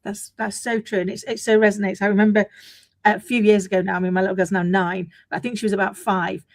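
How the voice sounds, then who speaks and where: A woman's voice: medium pitch, level tone, quick pace, dry recording. A woman, hosting and telling a story in an affirming way. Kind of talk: casual conversation.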